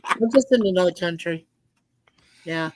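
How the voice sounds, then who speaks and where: A man's voice: sits high, unhurried, no echo, rough recording. A man hosting a casual livestream chat, talking in a chatty way with frequent laughs. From lives in Toronto, Canada. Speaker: livestream host.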